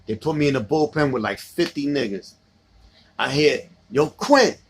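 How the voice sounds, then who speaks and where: A man's voice: medium pitch, normal speed, a little hiss or hum. A middle-aged man with a New York accent, chatting casually on a livestream, reminiscing about old friends and answering viewer comments.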